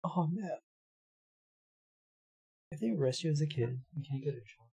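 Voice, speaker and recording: A hoarse young man streaming live, chatting casually, reading his chat aloud and laughing often. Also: fairly high pitch, lively intonation, normal speed, mellow.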